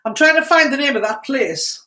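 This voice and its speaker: Woman co-hosting a live chat, lively storyteller, laughs a lot, echoey room. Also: sits high, normal speed. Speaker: co-host.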